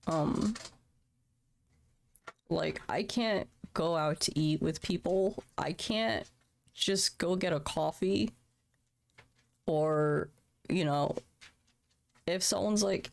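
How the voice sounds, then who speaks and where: A woman's voice: lowish voice, slow pace, gravelly, pauses often. A woman in her thirties, a streamer, talking candidly and emotionally on a livestream from home, swearing casually. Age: 30s. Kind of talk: candid personal talk on a livestream. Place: home room.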